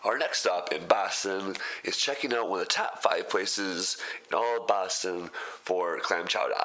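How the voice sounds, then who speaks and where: A man's voice: low voice, measured pace, pushed and bright. A young man narrating a casual food vlog, chatty and laid-back, who laughs often. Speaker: food vlogger.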